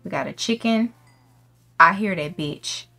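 Profane, excitable woman gaming. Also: on the low side, measured pace, vocal fry, soft background music. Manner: loud, profane and excitable, shrieking when startled. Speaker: gaming streamer. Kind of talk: let's play commentary.

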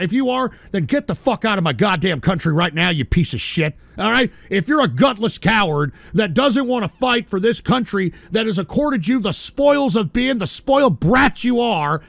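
A man hosting a live radio show, going off on angry, profane, shouting tirades. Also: high-pitched, creaky, dry recording. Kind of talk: live call-in radio rant.

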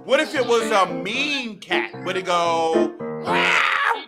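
Slow, sing-song storytime woman over keyboard. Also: mid-range voice, expressive, loud music behind the voice. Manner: sing-song call-and-response, coaxing children to join in. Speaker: children's storytime leader. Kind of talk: interactive children's storytime. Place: public library storytime room.

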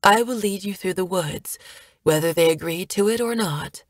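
A woman's voice: lowish voice, normal speed, no room sound, clean studio sound, lightly acted. A woman voicing a proud, guarded elf woman who speaks in a firm, formal way, in a storybook reading. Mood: resolute.

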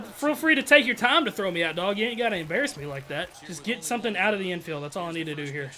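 A young man, commenting excitedly on his own video game at-bats, trash-talking and calling everyone "dog" and "bro". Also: sits high. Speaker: gaming channel host.

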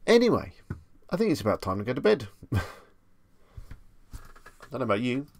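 A man's voice: medium pitch, very animated, a little fast, dry recording. A young man with a Bedfordshire English accent, hosting a live stream and chatting easily with viewers as he answers their questions. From England. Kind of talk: casual live stream chat. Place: home room at night.

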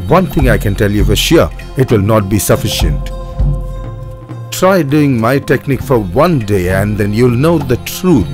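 Guy dubbing a sly polite beggar dealer, mid voice, soft music behind. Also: mid-range voice, expressive, measured pace, lightly acted. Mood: lecturing. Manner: persuasive, deferential. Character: scheming male trader in beggars, smooth-talking. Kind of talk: English film dub.

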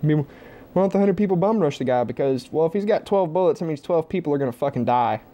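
Blunt, profane man with a mellow voice. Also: a little high, animated, fast talker. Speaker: vlogger. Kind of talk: opinionated casual monologue. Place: home, with a TV on.

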